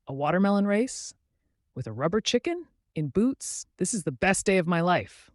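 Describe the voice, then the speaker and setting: In clean studio sound with no echo, a man voices a confused, exasperated male potato who keeps exclaiming, in an excited mood. He pitches it above his own natural voice, high with large pitch swings, at normal speed.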